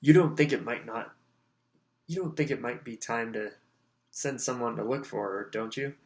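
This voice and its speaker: A man voicing a gentle, tentative middle-aged father in an audiobook, speaking hesitantly. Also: mid-range voice, normal speed, close to an everyday voice.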